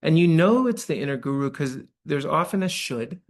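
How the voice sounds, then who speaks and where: In a church hall, a meditation teacher gives a dharma talk to a live audience, keeping it conversational and often asking "right?" His voice is a bit high and expressive, moving at a moderate pace.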